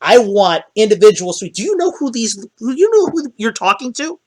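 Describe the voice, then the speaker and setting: A man's voice: high voice, sing-song, moderate pace, voice pushed up. A man voicing a pushy, indignant male band manager who makes demands in a haughty tone.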